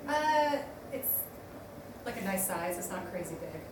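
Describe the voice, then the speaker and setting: A woman asks eager questions about dog behavior in casual chat. She sits away from the mic in a very echoey room. Clear background noise sits under her voice. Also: medium pitch, sing-song, recorded from a distance. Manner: questioning, eager, quick follow-ups. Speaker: dog trainer and co-host.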